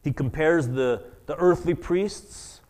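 A man preaching a sermon as pastor, earnest and halting, often restarting his words. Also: a little high, a little mellow.

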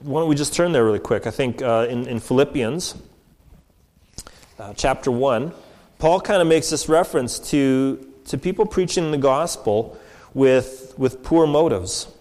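Guy preaching a chatty sermon, lots of restarts and "right?", middle pitch, long echo like a church hall. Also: a little mellow. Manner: conversational, halting with many restarts and "right?". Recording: long echoing reverb.

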